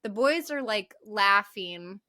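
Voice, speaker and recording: A woman co-hosting a podcast, recapping a film in an animated, profane, casual way. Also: medium pitch, slow pace. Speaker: podcast co-host. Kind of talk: casual movie recap chat.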